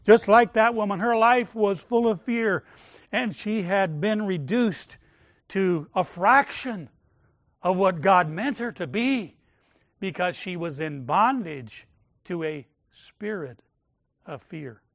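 Male preacher, high voice, slow deliberate sermon delivery, emphatic with hushed drops, dry close sound. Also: expressive, no room sound. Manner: measured, emphatic, dropping to near-whispers on key words.

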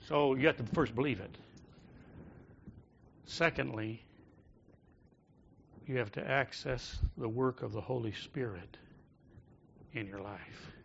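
A pastor preaching a sermon in a church, rising to loud calls and dropping to soft, prayerful tones. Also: male voice, medium pitch, takes it slowly, creaky, long pauses, lo-fi sound, slight background noise. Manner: swings from loud exhortation to soft intimate prayer. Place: church sanctuary.

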